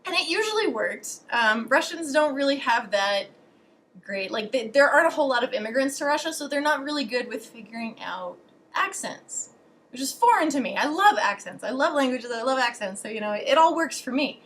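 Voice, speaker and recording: A woman's voice: high-pitched, lively intonation, moderate pace, fairly bright tone. A young adult woman vlogger telling stories in a casual way, sarcastic and profane, with lots of fillers. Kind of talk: casual storytelling.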